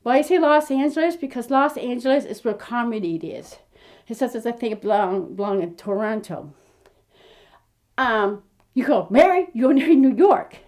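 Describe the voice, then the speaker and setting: A fifty-year-old American woman talks straight to camera in a slightly high voice. She rambles and restarts, quirky and openly candid, as she recounts her journey as an aspiring actress. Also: moderate pace. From United States. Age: 50s. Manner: rambling, quirky, animated storytelling with frequent restarts. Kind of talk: casual chat to camera.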